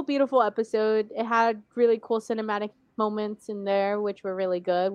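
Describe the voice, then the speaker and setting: Woman just chatting on a podcast, relaxed recap, kinda muffled dry mic. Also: mid-range voice, smooth, dry recording. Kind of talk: casual chat. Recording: dull dry sound.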